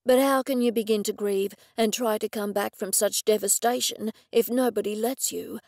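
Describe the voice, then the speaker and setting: A woman voicing a grieving male businessman, speaking slowly and heavily with aggrieved frustration. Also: medium pitch, steady tone, darkish tone, no echo, studio quality, natural voice. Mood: grieving, frustrated. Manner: slow, heavy, aggrieved pleading.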